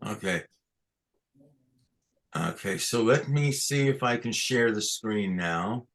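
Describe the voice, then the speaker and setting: Slow, patient cantor teaching online. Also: male voice, lowish voice, expressive, fairly bright tone. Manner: patient, explains step by step with frequent checks. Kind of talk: online lesson on chanting scripture. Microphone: computer mic on a video call.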